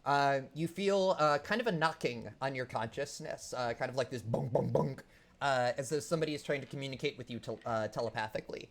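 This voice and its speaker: A man's voice: medium pitch, a little fast, vocal fry. Man game master, casual rambling narration, plain mid voice. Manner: rambling, lots of fillers.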